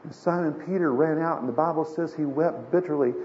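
An older man preaches a sermon as a pastor, folksy and full of stories, with emphatic swells. His voice is on the high side and fairly quick. The recording is dull and lo-fi with a faint hiss.

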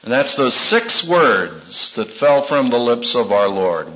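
A man preaching a sermon in a dramatic way, acting out quotes with big swings in pitch. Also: animated, measured pace, hardly any pauses, bright, forceful tone, dull audio.

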